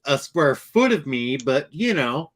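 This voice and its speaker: A man's voice: fairly high pitch, very animated, a little slow, fairly bright tone, dry recording, studio quality. A man chatting casually on a podcast, giving laid-back joking replies.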